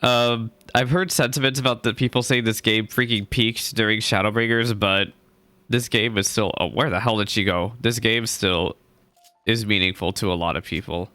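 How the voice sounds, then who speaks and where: A man's voice: lowish voice, fairly even intonation, normal speed, sharp tone, dry recording, soft background music. A man chatting casually while playing through a game, reading quest lines aloud, laughing and joking as he goes. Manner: chatty, laughs often, swears mildly. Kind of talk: casual let's-play commentary.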